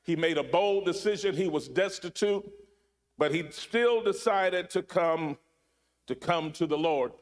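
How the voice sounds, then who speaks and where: A man preaching a sermon, repeating his phrases and swinging between loud emphasis and hushed, low drops. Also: measured pace. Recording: long hall reverb.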